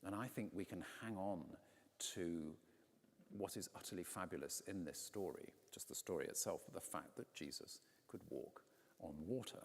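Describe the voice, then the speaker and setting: A man, a vicar, preaching a conversational sermon from a pulpit, telling the story with lively quoted voices. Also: deep voice, normal speed, slight background noise. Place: large stone church, in a pulpit. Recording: long church reverb.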